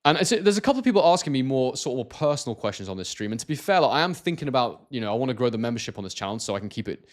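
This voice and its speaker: A man's voice: medium pitch, big pitch swings, racing, hardly any pauses. A man from Scotland hosting a casual live stream, reading out viewer comments and talking with many hesitations and restarts.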